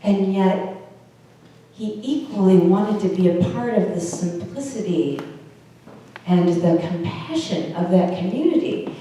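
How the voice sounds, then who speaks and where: A woman pastor gives a relaxed, conversational sermon and checks in with her listeners as she goes. Her voice has a warm, dark tone. It sounds distant and echoey, as though recorded from the back of a church. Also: lowish voice, unhurried. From United States. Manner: conversational, asks the congregation questions.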